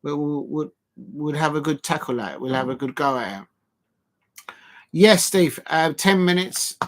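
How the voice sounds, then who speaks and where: A man hosting a live football watch-along with a slightly higher voice. He rambles casually to his viewers, often trailing off into ums and restarting his sentences. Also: moderate pace. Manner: rambling, full of fillers and restarts, talking to chat viewers.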